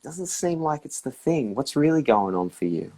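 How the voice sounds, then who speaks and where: A man's voice: medium pitch, very animated, moderate pace, mellow. A man giving reflective advice in a casual live chat, often acting out inner voices. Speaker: guest practitioner.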